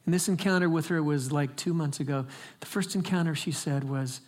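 A man's voice: fairly high pitch, brisk, darkish tone. A man preaching a sermon as pastor, telling stories in a conversational way and building to emphatic exhortation.

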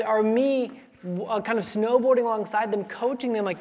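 A man in his thirties preaching a sermon in a relaxed, conversational way, with many fillers and playful quoted asides. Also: high-pitched, normal speed. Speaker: pastor.

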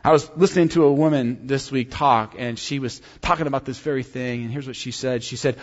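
A man's voice: mid-range voice, fairly even intonation, fairly quick, hardly any pauses. A man preaching a sermon as pastor, telling stories conversationally and repeating key lines for emphasis. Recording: dull sound with long hall reverb.

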